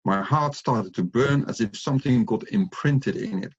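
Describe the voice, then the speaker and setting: A middle-aged man, a life coach, telling his story earnestly in an interview, with reflective pauses and restarts. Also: mid-range voice, background noise. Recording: muffled lo-fi audio.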